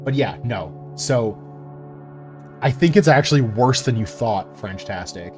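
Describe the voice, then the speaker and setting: Profane, animated man streaming casually. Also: medium pitch, a little slow, faint music behind. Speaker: streamer building and painting miniatures. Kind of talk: casual live-stream chat.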